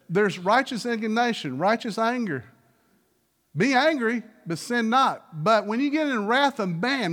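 A man's voice: high-pitched, fairly bright tone. A middle-aged man preaching a sermon as pastor, telling folksy stories and firing rhetorical questions at the congregation. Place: church sanctuary.

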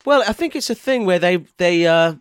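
A man co-hosting a podcast, agreeable and chatty, often tagging on questions. His voice is mid-pitched but moves a lot, heard dry and close to the mic. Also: lively intonation, fairly quick, smooth, dry recording. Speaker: podcast co-host. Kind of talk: casual chat.

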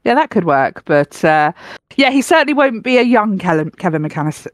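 A woman's voice: fairly high pitch, very animated, moderate pace. A woman co-hosting a casual podcast, bubbly and giggly. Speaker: podcast co-host.

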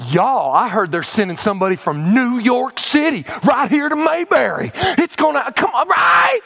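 A man voicing a flattered, self-important ancient king who gushes excitedly. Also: moderate pace, creaky, slightly rough, heavily acted. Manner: gushing, excitable, high and loud.

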